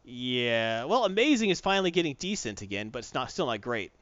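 A man's voice: mid-range voice, big pitch swings, a little fast, a bit bright, dry recording, highs cut off. A man in casual chat, recapping a comic book plot with mocking put-on voices for the characters. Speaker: comic book podcast co-host.

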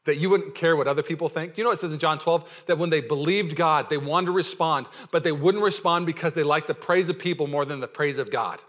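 A man preaching a sermon as pastor, energetic and playful, calling out to the congregation and acting out the voices in his stories. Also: on the high side, fast, hardly any pauses. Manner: energetic, playful preaching with audience call-outs; acts out quoted voices in storytelling.

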